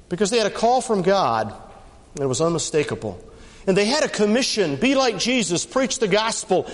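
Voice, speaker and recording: A man preaching a sermon as pastor, swinging between fast punchy lines and slow emphatic ones. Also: in a large hall. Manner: dramatic rises and drops in pitch and pace.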